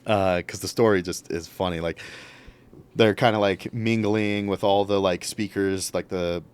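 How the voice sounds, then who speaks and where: A man's voice: deep voice, measured pace, clean tone. A young man, a podcast guest, telling a story casually and acting out what others said. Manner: animated, acts out quotes.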